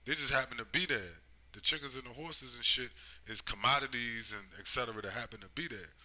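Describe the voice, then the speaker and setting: A man's voice: medium pitch, fairly quick, crowd noise, poor audio. A man giving a rambling, profane monologue, driving his points home with constant tag questions. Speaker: commentator. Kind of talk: casual monologue.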